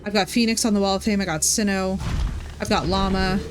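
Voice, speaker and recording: A woman's voice: medium pitch, steady tone, brisk, background noise. A woman from New Jersey chatting with her viewers by name during a live gaming stream. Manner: chatty, talks to chat by name.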